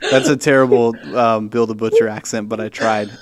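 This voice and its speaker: A young man hosting a podcast, chatting casually about movies in an animated way and laughing often. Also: fairly low pitch, brisk. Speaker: podcast host.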